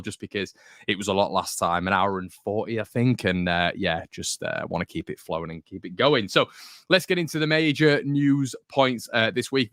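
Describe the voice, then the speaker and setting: A man's voice: medium pitch, a bit bright, no room sound, studio quality. A young man from the north of England, hosting a football fan channel in chatty, jokey, rambling talk to camera. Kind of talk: casual chat to camera.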